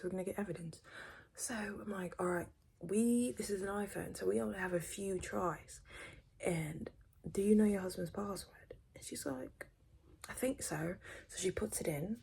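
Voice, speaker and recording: A young British woman, an ASMR creator, does a whispered role-play close to the mic, gossiping quickly and switching between whispers and a soft voice. Her voice is medium-pitched and gravelly with a breathy edge.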